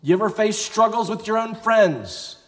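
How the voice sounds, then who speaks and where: A man's voice: high voice, lively intonation, moderate pace, big-room sound. A pastor giving a conversational sermon, sometimes acting out the people he quotes, in a church sanctuary. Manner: conversational preaching, acts out quoted voices.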